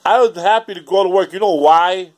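A man's voice: high-pitched, brisk. Profane rambling man. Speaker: vlogger. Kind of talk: casual ranting vlog.

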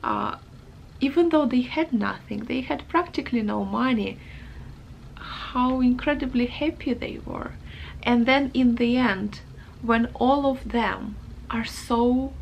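A woman's voice: fairly high pitch, takes it slowly, creaky, muffled recording, a little hiss or hum. A woman book vlogger reflecting thoughtfully on a novel, hedging with many fillers as she works out her thoughts. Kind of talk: reflective reading-vlog chat.

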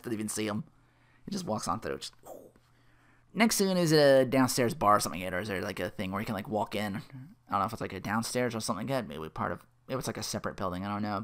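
A man casually retelling a film scene by scene, rambling with lots of "like" and quick laughs. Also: fairly low pitch, a bit bright. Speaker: channel host retelling a film.

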